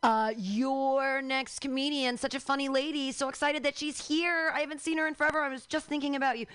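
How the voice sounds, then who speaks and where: High, bubbly woman emceeing an open mic. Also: fairly even intonation, brisk, fairly bright tone. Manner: bubbly, gushing introductions. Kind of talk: emceeing comedians.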